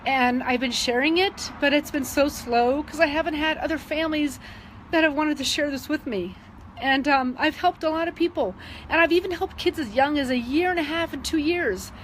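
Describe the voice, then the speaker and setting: Casting note: middle-aged woman with a high voice, sincere and emotional, telling a story over a faint hum. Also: normal speed, rough recording. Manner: earnest, emotional, with frequent um fillers and restarts. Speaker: wellness advocate sharing testimonies. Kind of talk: casual personal storytelling.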